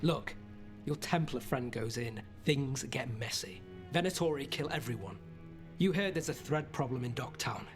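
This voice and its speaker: An actor playing a guarded, streetwise gang informant in a video game, talking bluntly and matter-of-fact. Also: male voice, medium pitch, animated, normal speed, music in the background, natural voice.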